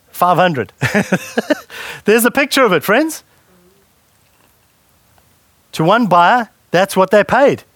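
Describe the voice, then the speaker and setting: A man's voice: high-pitched, a bit bright, no room sound. A man preaching a sermon in a conversational way and putting questions to the congregation. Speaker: pastor.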